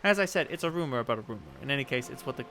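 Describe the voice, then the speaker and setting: A man reading aloud as a composed middle-aged woman envoy, in a measured, formal and diplomatic way. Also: medium pitch, animated, bright, forceful tone, soft background music. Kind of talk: reading game dialogue aloud.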